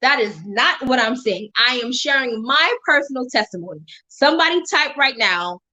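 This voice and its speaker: High-voiced woman sharing an animated testimony. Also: normal speed, low-quality recording. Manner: animated, preacher-like emphasis, laughs often. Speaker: motivational speaker on a live stream. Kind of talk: personal faith testimony to viewers.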